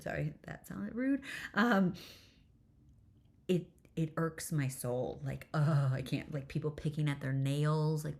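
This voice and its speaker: A woman's voice: sits low, a little mellow. A woman hosting a solo podcast, telling a candid parenting story in a chatty, self-deprecating way, laughing often and swearing casually. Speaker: podcast host, nervous system coach.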